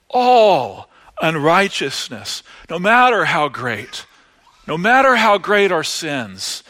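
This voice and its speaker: A man preaching with a lively, swinging voice. He talks slowly and his tone is bright. His loud emphatic lines drop into hushed asides. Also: high voice. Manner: animated, rising to loud emphasis then dropping to hushed asides. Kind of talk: sermon.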